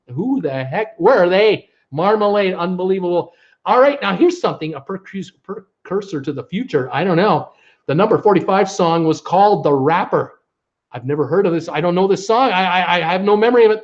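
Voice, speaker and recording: A man hosting a live trivia stream, chatting casually with viewers and humming bits of old songs. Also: high voice. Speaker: host of a live trivia show. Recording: dull lo-fi stream audio.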